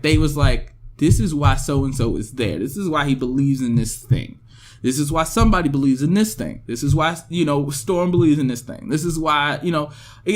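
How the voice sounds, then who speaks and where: A man's voice: sits high, fairly bright tone. A man co-hosting a casual podcast, ranting about movies with lots of fillers. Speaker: podcast co-host.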